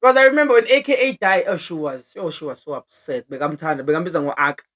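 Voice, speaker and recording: A young woman with a South African accent telling a story for her vlog in a casual, animated way, laughing often and switching languages mid-sentence. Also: low voice, fast. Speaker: vlogger.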